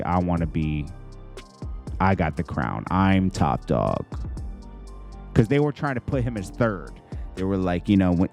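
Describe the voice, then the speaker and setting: A man casually breaking down a rap diss track, rambling with lots of fillers and pitched-up mock quotes. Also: a little mellow. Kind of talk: casual reaction commentary.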